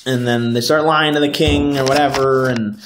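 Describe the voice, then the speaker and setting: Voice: mid-range voice, fairly even intonation, moderate pace, background noise. A podcast host recapping a TV episode in a rambling, profane way, often drifting off into tangents and talking straight to the camera.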